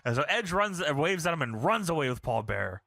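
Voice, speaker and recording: A man's voice: fairly high pitch, fast, creaky, no echo, studio quality. A man co-hosting a podcast, telling a wrestling recap in a casual, profane, laughing way. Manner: animated, profane, laughing storyteller. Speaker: podcast co-host.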